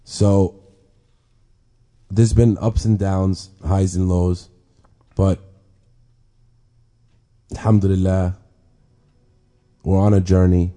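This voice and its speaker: A man casually telling a personal faith story, talking haltingly with restarts, repeated words and many fillers. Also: sits low, level tone, warm tone. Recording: clear background ambience noise.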